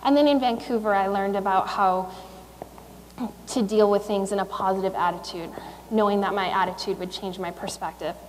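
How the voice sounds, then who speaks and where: A woman's voice: medium pitch, steady tone, normal speed, in a large hall, a little hiss or hum, poor audio. A woman in her thirties, an athlete giving a motivational speech at a school in a conversational way, with fillers and restarts. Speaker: guest speaker, Olympic speed skater. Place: school assembly.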